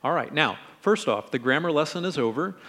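A middle-aged man preaching a conversational sermon in a relaxed, friendly way, acting out quoted lines in different tones. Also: a little high, brisk, long reverb tail. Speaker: pastor.

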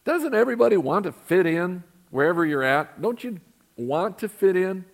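A man's voice: sits high, sing-song, moderate pace, gravelly. Conversational man preaching a sermon. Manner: conversational, asks the congregation questions. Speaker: pastor. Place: church sanctuary.

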